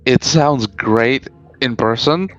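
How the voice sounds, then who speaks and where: A man reasoning calmly as a player in a tabletop game, speaking over a voice-chat microphone. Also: mid-range voice, slow. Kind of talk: casual tabletop role-play. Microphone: voice chat mic. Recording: dull, dry voice-chat audio.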